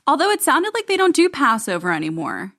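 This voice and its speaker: A woman's voice: high-pitched, wildly swooping pitch, a little fast, fairly bright tone. A woman co-hosting a podcast, recapping a reality show in casual, snarky banter. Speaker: podcast co-host.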